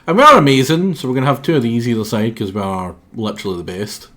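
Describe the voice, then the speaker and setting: A man's voice: mid-range voice, animated, fast talker, bright, forceful tone. A man streaming a game, with a sore throat, rambling and self-mocking as he stumbles over his words. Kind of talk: casual game commentary.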